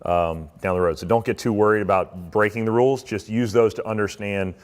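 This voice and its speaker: Low-voiced man lecturing in a hall. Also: a little fast. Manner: relaxed, conversational, frequent fillers. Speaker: swim coach giving a talk to athletes and parents. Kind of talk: informal presentation. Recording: reverberant hall.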